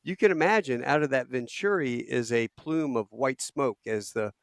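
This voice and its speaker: A middle-aged man telling a long anecdote on a podcast, animated and acting out quotes. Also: medium pitch, normal speed, no room sound, studio quality. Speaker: podcast guest. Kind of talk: casual storytelling.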